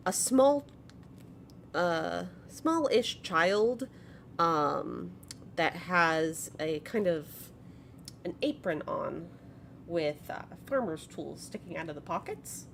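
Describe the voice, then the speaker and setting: A woman's voice: fairly low pitch, gravelly, slight background noise. A woman narrating a tabletop game as game master, hesitant with many fillers.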